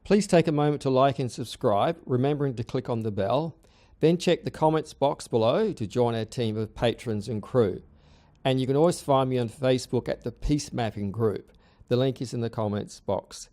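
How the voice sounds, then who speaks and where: A channel host, a man, reading a scripted outro in a measured, even way. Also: medium pitch.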